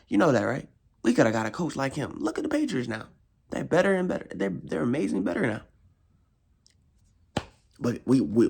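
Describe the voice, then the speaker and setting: A young man, a frustrated football fan, ranting in casual slang, repeating himself and swinging his voice high in exasperation. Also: vocal fry, a little mellow. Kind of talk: casual rant.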